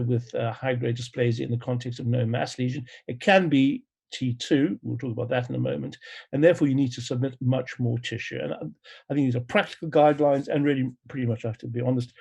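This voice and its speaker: A man giving an academic lecture as a pathology professor, measured and explanatory, pausing often on "uh". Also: mid-range voice, gravelly, dark tone, husky. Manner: measured, explanatory, with frequent "uh" pauses. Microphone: remote talk recording.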